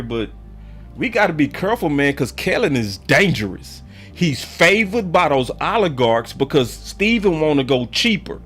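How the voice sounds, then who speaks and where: A man's voice: fairly high pitch, fairly bright tone. A man hosting a casual sports fan livestream, talking in slang and often getting heated and ranting. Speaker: sports channel host.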